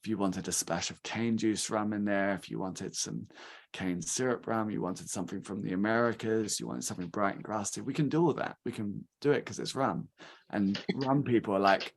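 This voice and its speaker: A man's voice: on the low side, moderate pace. A man in his thirties from England, talking casually at a rum tasting and acting out quoted reactions. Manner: chatty, animated, acts out quoted reactions. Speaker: guest speaker from a rum company.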